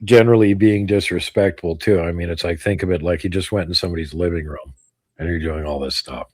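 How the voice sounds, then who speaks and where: Very deep-voiced man with dry humor. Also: steady tone, fast talker, darkish tone, no echo. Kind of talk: casual chat.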